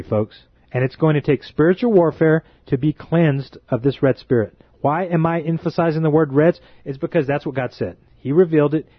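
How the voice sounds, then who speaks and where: A man's voice: medium pitch, no room sound. Man, sermon-style warning, pleading, earnest, dry, muffled lo-fi sound. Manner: earnest, pleading, repeatedly addresses listeners as folks. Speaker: self-described watchman preacher. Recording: dry, dull lo-fi recording.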